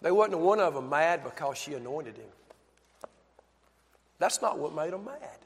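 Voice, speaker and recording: A man's voice: on the high side, expressive, measured pace. A male pastor preaching a sermon emphatically, asking his congregation questions, heard with long reverb in a church.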